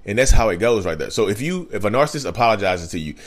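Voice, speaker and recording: Emphatic man with a low voice. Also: expressive. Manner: emphatic, repeats key phrases, drawls words slowly. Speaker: YouTube host on narcissism. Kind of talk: casual talking-to-camera monologue.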